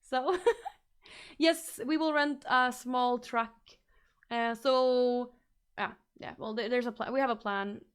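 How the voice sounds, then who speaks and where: High-voiced northern Swedish woman streamer. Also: steady tone, slow, clear, resonant tone. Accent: northern Swedish (Norrbotten). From Norrbotten, northern Sweden. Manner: chatty, restarts and repeats words, mixes English and Swedish. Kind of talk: casual chat with viewers.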